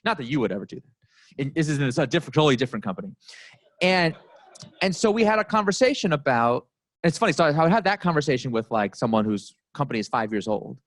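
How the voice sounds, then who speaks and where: A man's voice: fairly high pitch, lively intonation, fast, no room sound. A man giving a casual storytelling talk to a live audience as a guest speaker, chatty and full of "like" and "you know". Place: company office event space.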